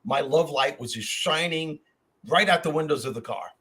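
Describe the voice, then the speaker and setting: A man's voice: on the high side, normal speed, a bit bright, breathy edge. An older man hosting a podcast, telling personal stories in a heartfelt way and often repeating his words as he goes. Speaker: podcast host. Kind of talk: casual chat, personal storytelling.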